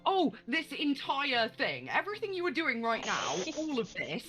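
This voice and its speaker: A woman's voice: high voice, huge pitch swings, normal speed, bright, forceful tone, faint music behind. A woman running a tabletop game as game master, rambling and self-deprecating, often laughing.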